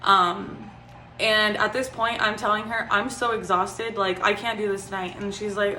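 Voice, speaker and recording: A young woman in her twenties chats through a personal story, her voice bright and clear. She talks casually, leaning on "like" and "um" as she goes. The room gives her voice a noticeable echo, with a faint hiss behind it. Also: mid-range voice, fairly even intonation, moderate pace. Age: 20s. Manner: chatty, frequent "like" and "um" fillers. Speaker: vlogger. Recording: roomy echo.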